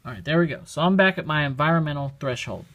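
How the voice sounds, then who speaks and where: A man's voice: on the high side, expressive, fast talker, lo-fi sound. Noisy recording, man plainly explaining a gadget. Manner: plain, matter-of-fact explaining, thinking aloud. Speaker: product demonstrator. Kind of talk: casual how-to demonstration.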